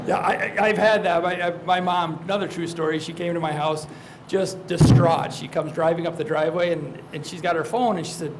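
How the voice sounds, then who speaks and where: A man, a county attorney on a community panel, telling lively anecdotes and acting out scam phone calls. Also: a little high, fairly quick. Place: church hall. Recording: noisy hall recording.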